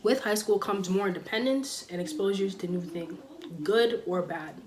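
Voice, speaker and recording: A teenage girl on her own channel, giving blunt school advice in a casual sit-down talk, with sudden loud stresses. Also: mid-range voice, moderate pace, slight background noise. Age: teens. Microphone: camera mic, sitting.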